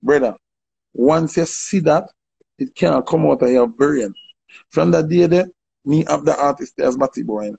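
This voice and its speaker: A Jamaican man tells a story in casual patois and acts out the voices of the people in it. His voice sits a little high for a man and is gravelly and husky. His delivery is lively and full of quoted back-and-forth. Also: a little slow, poor audio.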